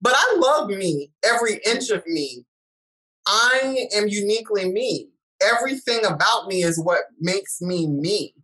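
A middle-aged woman appears as a guest, chatting casually and telling stories in a mid-range voice at a measured pace. She's an animated storyteller who acts out the voices she quotes, though the recording is rough.

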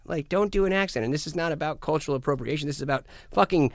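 A man's voice: a little high, rapid-fire, no room sound. American guy ranting in casual chat, lots of swearing, super dry mic. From United States. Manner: animated, profane, ranting with put-on quotes. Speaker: guest musician.

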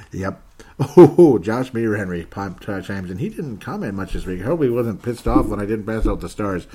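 Guy with a lowish voice doing a laid-back sports podcast, reads comments, laughs a lot. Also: expressive, normal speed, mellow, husky. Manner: chatty, laughs often, reads comments aloud; puts on a joking Canadian accent briefly. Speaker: podcast host reading listener comments. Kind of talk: casual sports podcast chat.

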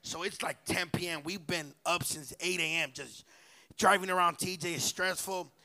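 A man's voice: sits high, fairly even intonation, normal speed, sharp tone. A young man, co-hosting a podcast and telling a slangy, profane, rambling story on a live stage. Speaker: podcast co-host. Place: live pop-up show venue.

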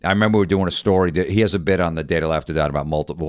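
In this casual storytelling chat, a Floridian podcast guest talks very fast in a voice that sits low, animatedly acting out the people he quotes. The audio is dry and of studio quality.

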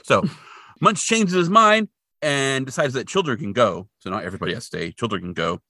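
A man's voice: mid-range voice, animated, pushed and bright, no echo, clean studio sound. A man co-hosting a podcast, casually recapping a TV episode and jokily acting out the characters' lines. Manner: jokey, acts out characters' lines in quick voices. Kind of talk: casual chat.

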